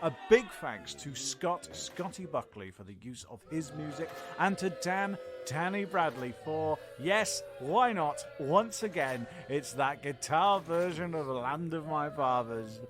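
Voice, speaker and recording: High-voiced playful man narrating comedy. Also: animated, unhurried, few pauses, over music. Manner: playful, jokey, theatrical. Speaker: podcast host and narrator. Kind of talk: comic narration and credits.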